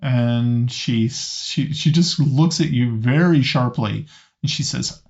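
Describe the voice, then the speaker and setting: A man's voice: mid-range voice, slow pace, vocal fry, a little mellow. A man narrating as game master of a tabletop game, hesitant and often restarting his sentences. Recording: slightly muffled lo-fi audio.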